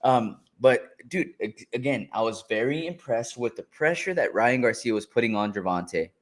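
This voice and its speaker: Laid-back man breaking down fights. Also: medium pitch. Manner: relaxed, laughing, drawn-out play-by-play. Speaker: co-host. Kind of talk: casual fight reaction chat.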